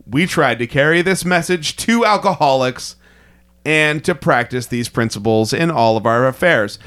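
A tipsy young man chatting loosely on a podcast, his voice swinging up and down in lively bursts. He rambles, restarts his sentences and laughs through his words, at an everyday pitch. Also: normal speed. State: drunk. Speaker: podcast co-host. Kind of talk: casual chat.

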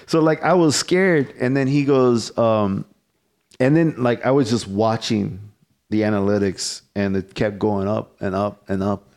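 A man's voice: mid-range voice, normal speed, gravelly, darkish tone. A man hosting a podcast in casual chat, rambling and swearing freely as he tells a story, with laughs along the way. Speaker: podcast host.

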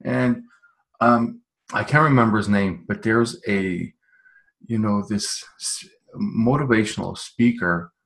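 A man's voice: fairly low pitch, slow pace, vocal fry, fairly bright tone. A man hosting a casual podcast conversation, encouraging and often restarting his sentences.

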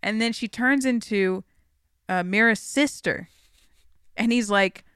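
A young adult co-host chatting casually on a podcast, retelling stories in an animated way, laughing often and swearing freely. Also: medium pitch, takes it slowly, clean tone, dry recording, studio quality.

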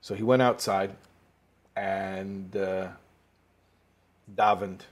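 A man's voice: low-pitched, fairly even intonation, extremely slow. A man teaching a Torah class as a rabbi, telling a story and explaining it, with Hebrew and Yiddish words mixed in and rising emphasis.

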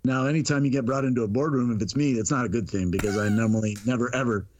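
A man's voice: medium pitch, quick pace, darkish tone, slight background noise. A man telling a casual story in a chatty way, laughing often and tripping over his words. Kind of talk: casual anecdote. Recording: dull lo-fi audio.

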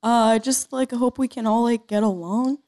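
A woman's voice: fairly high pitch, fairly even intonation, mellow, close to an everyday voice. A woman voicing a shy, nervous young man who stammers and hesitates. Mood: timid. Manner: halting, stammering, timid.

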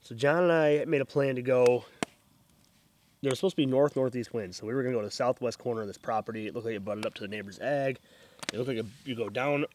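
A man's voice: mid-range voice, fast, a little mellow, slight background noise. A man hosting a casual hunting trip recap, telling the day's story in a laid-back way and swearing casually.

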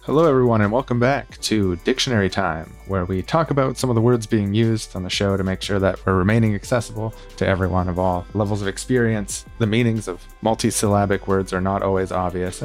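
A man co-hosting a podcast, explaining terms and chatting in an earnest way. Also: fairly low pitch. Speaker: podcast co-host. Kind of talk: casual podcast chat.

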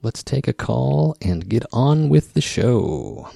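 A podcast host with a rural Western Midwest American accent talks casually in a rambling, wry way, often breaking off and starting again. His medium-pitched voice is sing-song and slow, warm with vocal fry and a breathy edge. The studio-quality recording is dry.

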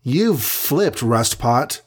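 A man's voice: medium pitch, expressive, drawn-out words. A man doing a wisecracking archer hero. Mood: skeptical. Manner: wisecracking, sarcastic. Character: wisecracking male archer superhero.

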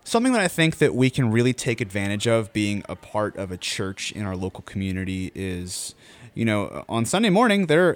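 A man's voice: medium pitch, dry recording. A man co-hosting a podcast in easygoing casual chat with dry humor. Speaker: podcast co-host.

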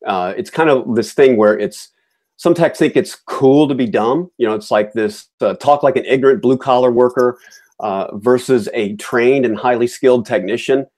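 A man with a mid-range, slightly mellow voice hosts a podcast, speaking at a normal pace. He shares his opinions in a casual, chatty manner, full of fillers and restarts.

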